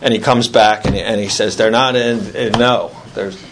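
A man's voice: lowish voice, steady tone, normal speed, fairly bright tone, a little hiss or hum. A man sharing a story at a recovery meeting, acting out other people's lines in raised voices. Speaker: AA speaker sharing his story.

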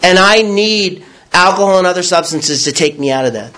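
Male speaker with a high voice giving a frank, animated recovery testimony. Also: normal speed. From New York. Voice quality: raw, blunt storytelling with crude words. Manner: animated, acts out his own past thoughts. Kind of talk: candid personal testimony.

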